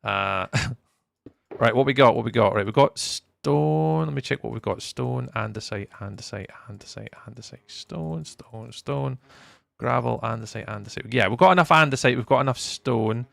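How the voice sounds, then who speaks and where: A young man chatting casually with viewers while live streaming, playful and often trailing off into a softer voice. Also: medium pitch, normal speed, creaky, dry recording.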